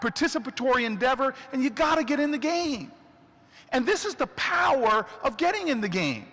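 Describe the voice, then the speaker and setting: A man delivers an earnest, humorous inspirational speech, his unusually high voice carrying through a large hall. The long reverb trails after each phrase as he spins stories for the crowd. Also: a bit bright. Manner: storytelling orator, humorous and earnest.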